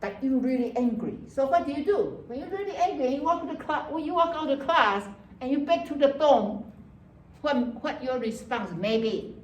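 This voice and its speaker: Animated woman lecturing in an echoey classroom. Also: high voice, normal speed, distant mic, slight background noise. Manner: animated, acts out student voices, frequent "okay" and "right". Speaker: psychology lecturer.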